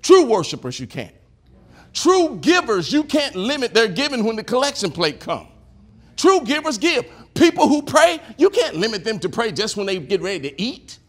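A male preacher giving an animated sermon, leading the congregation to repeat after him and shouting at the high points. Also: normal speed. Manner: animated, call-and-response preaching, shouting at peaks.

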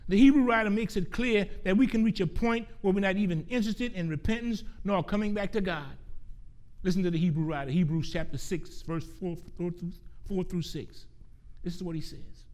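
A man preaching a sermon, earnest and emphatic, repeating key phrases and slowing down to stress quoted scripture. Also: high voice, darkish tone.

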